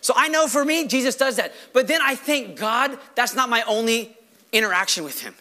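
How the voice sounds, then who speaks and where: A man preaching a sermon as pastor, animated, firing rhetorical questions and acting out quoted voices. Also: sits high, fairly quick.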